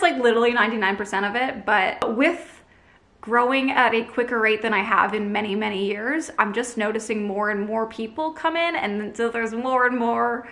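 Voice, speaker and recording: A young woman from Canada with a Canadian accent, talking straight to camera. Her fairly high voice is upset and exasperated, full of apologies and restarts as she vents to her viewers. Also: pushed and bright. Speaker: vlogger. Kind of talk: emotional direct-to-camera rant.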